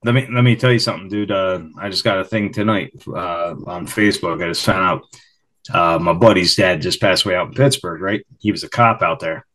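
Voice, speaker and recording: A man's voice: low voice, fairly quick, a bit bright, poor audio. A man in casual, profane chat who laughs often and tells his own stories.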